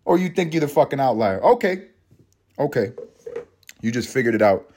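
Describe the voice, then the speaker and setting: Solo podcast host, male, husky, sarcastic, foul-mouthed, pitch jumping all over. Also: very animated, moderate pace. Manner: profane, sarcastic and swinging between loud jabs and low mutters. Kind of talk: solo comedic podcast rant. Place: at home.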